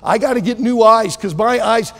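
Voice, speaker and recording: A man acting out a desperate male patient begging a doctor for help, his voice climbing to shouts. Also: very high voice, normal speed, long reverb tail, pitched above the performer's own voice. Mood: pleading. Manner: pleading, rising to shouts.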